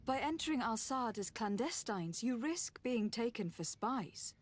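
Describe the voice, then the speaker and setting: A woman voicing a composed female envoy in video game dialogue, measured in her speech. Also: a little high, lively intonation.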